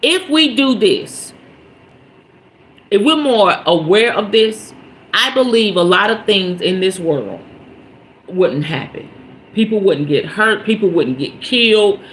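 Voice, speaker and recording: A woman hosting a podcast, telling a story in casual talk about mindfulness. She is animated and emphatic, uses salty slang and swearing, and keeps checking in with her listeners. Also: medium pitch, slow pace, a little hiss or hum. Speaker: podcast host.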